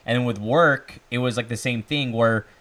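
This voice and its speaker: A man's voice: medium pitch, a bit bright. A man in his twenties, a student and bartender, chatting casually as a podcast guest and telling stories with lots of "like" and "literally". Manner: chatty, fast storytelling with "like" and "literally".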